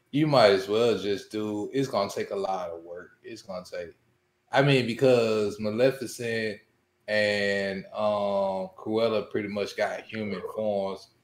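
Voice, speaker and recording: A man's voice: fairly low pitch, unhurried, a little mellow, reverberant. A man in his thirties, a podcast co-host, talking in a laid-back, rambling way in casual chat.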